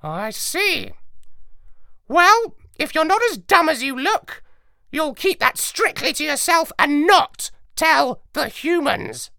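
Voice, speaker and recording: High squawky parrot major, scornful know-it-all, bright and bouncy, dry close sound. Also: animated, slow pace, creaky, no room sound, full character voice. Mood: scheming. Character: clever grumpy male parrot officer. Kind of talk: storybook narration.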